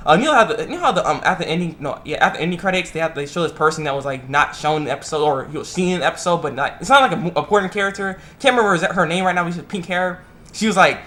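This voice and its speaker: Fast, bright-voiced young man recapping anime. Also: a little high. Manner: animated, acts out characters' lines in quick voices. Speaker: anime reviewer. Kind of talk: casual episode recap.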